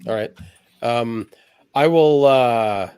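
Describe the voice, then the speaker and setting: A man's voice: mid-range voice, very slow, dark tone, clear, resonant tone, dry recording. A man playing a tabletop game, chatty and playful. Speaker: player. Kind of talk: casual tabletop play.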